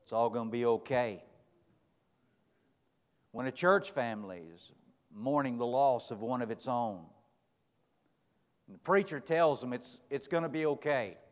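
A middle-aged man preaching a sermon, folksy, telling stories and asking rhetorical questions, moving between quiet and loud. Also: medium pitch, a little slow, pauses often. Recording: long hall reverb.

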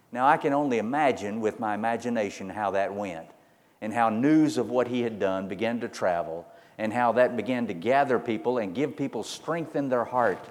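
Male preacher, emphatic storyteller, repeats for stress, mid pitch, long hall reverb. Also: a little mellow. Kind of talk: sermon.

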